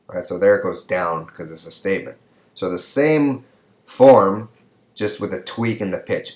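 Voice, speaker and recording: Deep-voiced man lecturing in an echoey room. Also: lively intonation, a little mellow. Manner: slow and careful, drawing out example sentences to show rising pitch. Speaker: Spanish lecturer. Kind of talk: recorded video lecture.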